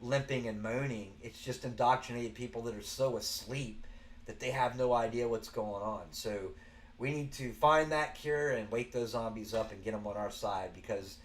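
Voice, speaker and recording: A man's voice: mid-range voice, normal speed. A man with a Southern American accent hosting a show, giving earnest, rambling commentary with frequent restarts. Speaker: show host. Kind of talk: casual spoken commentary.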